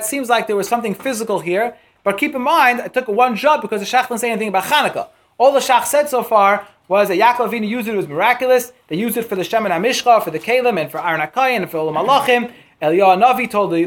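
A man's voice: high voice, fairly bright tone. A man teaching a Torah class, working through printed sources, reading Hebrew quotes and translating them, with frequent restarts. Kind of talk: text-based Torah lecture.

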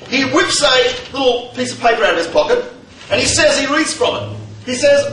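Brief: male lecturer, very high, bright voice, animated with rhetorical questions, recorded from far off in an echoey hall. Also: brisk. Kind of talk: humorous lecture to a live audience. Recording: echoey hall, distant mic, faint noise.

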